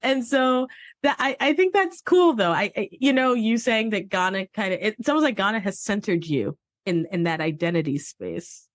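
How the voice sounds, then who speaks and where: A woman's voice: medium pitch, animated, normal speed, dry recording. Woman, podcast host, chatty, laughs often, dry sound. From Cameroon, English-speaking side. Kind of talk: casual interview chat.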